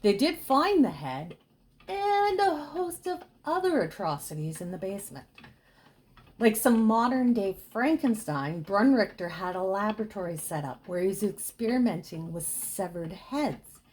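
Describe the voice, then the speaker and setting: A woman casually telling a gruesome true ghost story, dropping to a hush for the grisly details. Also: medium pitch, sing-song, a little slow. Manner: chatty with dramatic hushed dips.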